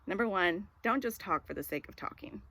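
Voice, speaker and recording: A woman's voice: medium pitch, lively intonation, fairly quick, sharp tone, no room sound. A woman in her forties giving a casual devotional talk. She tells a personal story in a rambling way with many filler words. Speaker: devotional speaker.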